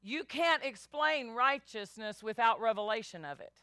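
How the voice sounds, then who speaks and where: A woman pastor preaching a sermon, animated, acting out biblical voices and calling the congregation y'all. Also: fairly high pitch, moderate pace, clean tone, dry recording, clean studio sound.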